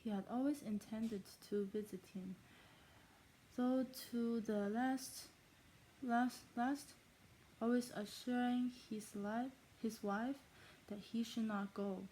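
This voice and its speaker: Halting reader in a fake German accent, a woman putting it on, mellow dark tone, stumbles and rereads. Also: on the high side, steady tone, a little hiss or hum, poor audio. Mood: careful reading. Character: female reader of a classic novel in a mock accent. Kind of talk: reading aloud.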